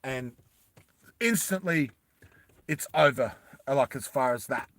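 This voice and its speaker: A man narrating a tabletop game as game master, in an animated, rambling storytelling style. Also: medium pitch, slow pace, no echo.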